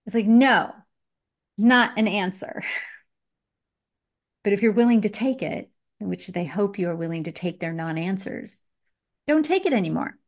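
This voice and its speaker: A woman coaching participants on a group call, direct and encouraging, with animated emphasis. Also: medium pitch, a little slow, pauses often. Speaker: business coach.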